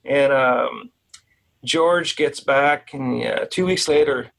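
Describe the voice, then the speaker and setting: A man's voice: mid-range voice, takes it slowly, vocal fry, a bit bright, rough recording. A man with a Quebec French accent, a guitarist guest on a video call interview, telling a story in a rambling way with many restarts. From Quebec, Canada.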